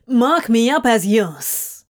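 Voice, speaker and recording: A snarky, brooding male demon who sneers his words with sardonic bite, as a woman puts him on. His voice is a touch high and delivered slowly, like a storybook read aloud. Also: sing-song. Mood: provoking.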